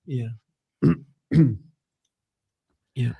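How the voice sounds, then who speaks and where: A man leading a live spiritual energy healing, speaking in a soft, slow, meditative way with pauses. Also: dry recording. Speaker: psychic healer.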